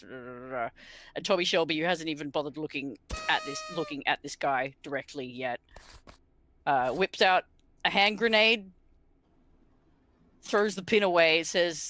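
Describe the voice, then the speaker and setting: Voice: medium pitch, normal speed. A stream co-host chatting casually during a game and telling stories with animation. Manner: animated storyteller. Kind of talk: casual chat while gaming.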